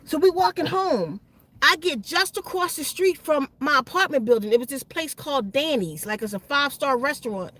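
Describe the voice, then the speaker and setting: A woman with a high-pitched voice tells a personal story to her channel. Her speech is slangy and animated. She stumbles over and repeats words as she goes. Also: normal speed, no room sound. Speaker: channel host.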